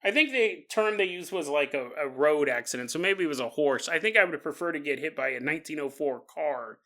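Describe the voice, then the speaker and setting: Guy hosting a storytelling podcast, bright voice, keeps cracking up mid sentence. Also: on the high side, animated, a little fast. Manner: joking, laughs through his sentences. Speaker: podcast host.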